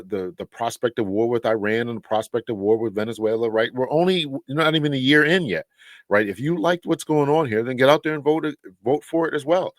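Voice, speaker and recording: A man hosts a casual commentary video, speaking earnestly, urging viewers and restarting often. His voice is medium-pitched and the recording is dry.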